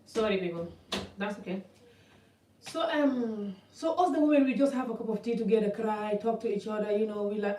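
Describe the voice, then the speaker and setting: A woman's voice: fairly high pitch, fairly quick, dark tone. Impassioned woman in an echoey room. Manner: impassioned, blunt, rambling. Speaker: vlogger. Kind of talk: personal talk to camera. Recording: echoey room, mic at a distance.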